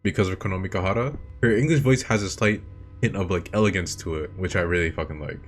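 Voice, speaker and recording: Brief: young male host, casual rambling commentary, lowish voice, soft music behind. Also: fast talker. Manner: enthusiastic, swears often, repeats himself. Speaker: video host. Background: faint game music.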